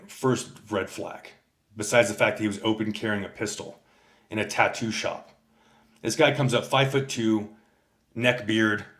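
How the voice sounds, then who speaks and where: Profane, rambling man in an echoey room. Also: on the low side. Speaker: livestreamer. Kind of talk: casual livestream rant, reading chat.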